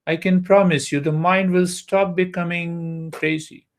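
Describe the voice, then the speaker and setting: A man giving a spiritual talk on meditation as a teacher, unhurried, asking his listeners rhetorical questions. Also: high-pitched, flat delivery.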